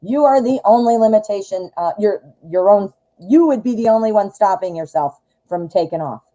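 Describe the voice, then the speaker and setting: A woman's voice: mid-range voice, lively intonation, normal speed, mellow, low-quality recording. A woman hosting a live-stream tarot reading, chatty and enthusiastic, talking straight to the viewer.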